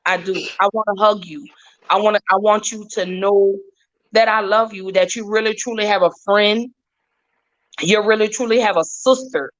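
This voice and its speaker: In casual podcast talk, a female guest speaks at a moderate pace in a mid-range voice. She repeats her points for emphasis in a heartfelt way, and the recording is dull and lo-fi.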